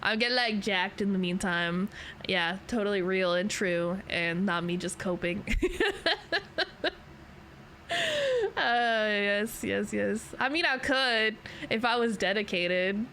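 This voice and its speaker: A woman's voice: mid-range voice, a little slow, sharp tone, slight background noise. A young adult woman chatting casually with her stream viewers, rambling and self-deprecating, laughing often. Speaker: VTuber streamer.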